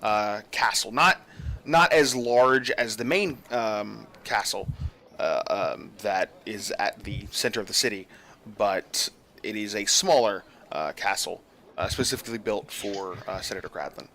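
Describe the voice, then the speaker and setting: Male game master, bright voice, descriptive narration with lots of ums. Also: fairly low pitch, a little slow. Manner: descriptive, with many fillers.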